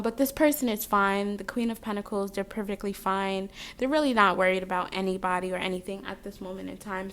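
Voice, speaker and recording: A young woman with a mid-range, slightly bright voice gives a casual tarot reading. She's chatty and rambling, drifting off on tangents between the cards.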